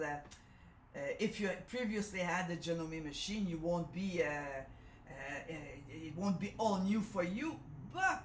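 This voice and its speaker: Slow-talking French-accented woman demonstrating. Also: fairly low pitch, a little hiss or hum. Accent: Canadian French. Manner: chatty, self-correcting, often asks "okay?". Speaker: sewing machine educator. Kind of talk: live product demonstration. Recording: echoey room.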